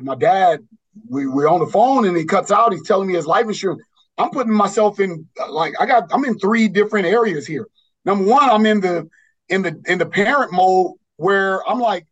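Brief: man from Los Angeles, basketball coach, higher-pitched voice, earnest and rambling as a podcast guest. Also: a bit bright, poor audio. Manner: earnest, rambling, with many restarts.

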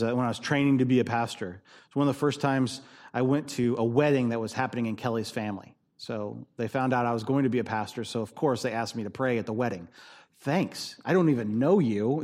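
A man's voice: mid-range voice, darkish tone. A man preaching a sermon as a pastor, conversational and emphatic, repeating his key points.

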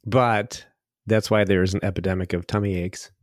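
A man's voice: deep voice, fairly even intonation, normal speed, no room sound, clean studio sound. A man co-hosting a podcast in casual chat, jokey and laughing often. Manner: jokey, laughs often, does silly put-on voices. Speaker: podcast co-host.

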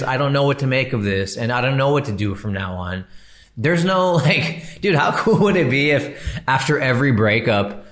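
A young man hosting a solo podcast, talking casually in a rambling, candid way and often breaking off mid-thought. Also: fairly low pitch. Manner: rambling, candid, self-interrupting. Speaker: podcast host.

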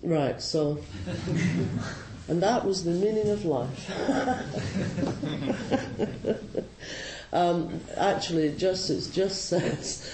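Slow Scottish man giving a dharma talk. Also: high-pitched, animated, heavy background noise. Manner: slow, gently humorous, reflective. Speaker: Zen Buddhist teacher. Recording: roomy hall with faint ambience.

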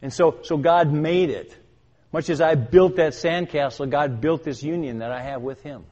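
An older man preaching a sermon as a pastor. He speaks with emphasis, asks his listeners questions and builds to loud, urgent commands. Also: fairly high pitch, moderate pace, highs cut off. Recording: long hall reverb.

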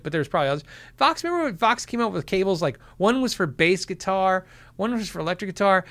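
Middle-aged male host, casual livestream chat, high lively voice, quick to laugh. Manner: animated, laughs often, acts out quotes. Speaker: livestream host answering viewer questions.

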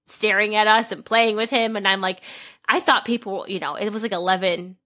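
A woman's voice: mid-range voice, steady tone, brisk, bright, forceful tone. A young woman co-hosting a casual podcast chat, telling rambling anecdotes full of "like". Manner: rambling anecdotal storytelling, heavy use of "like". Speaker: podcast co-host.

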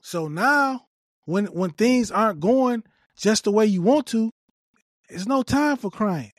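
A man's voice: sits high, lively intonation, takes it slowly, no room sound, studio quality. A man giving emphatic, repetitive opinion commentary on a video clip, scolding and lecturing.

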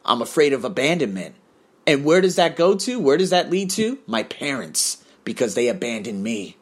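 A man's voice: mid-range voice, big pitch swings, normal speed, very noisy. A man telling a blunt, profane personal story in a confessional monologue.

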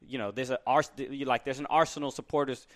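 A man co-hosting a podcast in casual chat, thinking aloud with many restarts and pauses. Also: mid-range voice, fairly even intonation. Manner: hesitant, many restarts and uh's. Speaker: podcast co-host.

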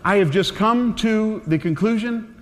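Earnest preacher in a reverberant hall. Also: male voice, high-pitched, measured pace, a little hiss or hum. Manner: earnest, conversational preaching that drops soft and tender. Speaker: pastor. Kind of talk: sermon.

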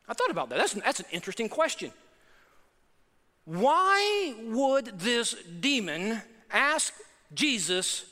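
A man's voice: sits high, very animated, moderate pace, sharp tone. A man preaching a sermon as pastor, emphatic and conversational, repeating key phrases. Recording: preaching in a reverberant hall.

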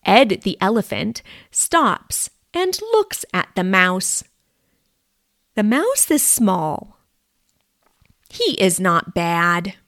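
Woman reading a simple kids-style story super slow, lively ups and downs, dry close mic. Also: medium pitch, dry recording. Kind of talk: slow scripted story reading for language learners.

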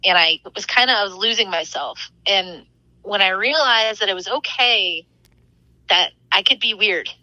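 Bright, chatty young woman telling stories. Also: mid-range voice, normal speed, no room sound, poor audio. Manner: chatty and excitable, laughs often. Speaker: podcast guest, author. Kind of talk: casual storytelling.

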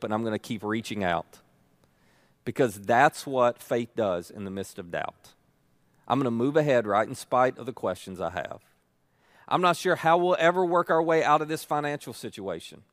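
A man's voice: medium pitch, fairly bright tone, no echo. Middle-aged male pastor, emphatic sermon delivery, mid-range voice, dry recording. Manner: earnest, emphatic preaching with repeated phrases.

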